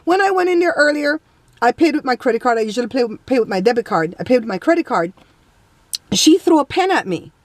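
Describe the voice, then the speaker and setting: A woman vlogger telling a story in a casual, animated way, indignant and blunt. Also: high-pitched, quick pace, no room sound.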